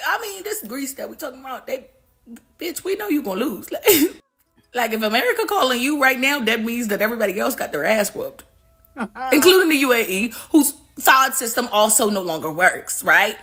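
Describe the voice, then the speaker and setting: Woman, high bright voice, animated, profane, playful storyteller. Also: brisk. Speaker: livestream host. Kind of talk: casual storytelling commentary.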